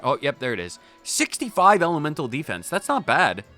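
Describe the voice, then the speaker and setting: A man's voice: fairly high pitch, wildly swooping pitch, a little fast, sharp tone, soft background music. A man hosting a video game playthrough with casual, jokey, rambling commentary. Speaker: gaming channel host.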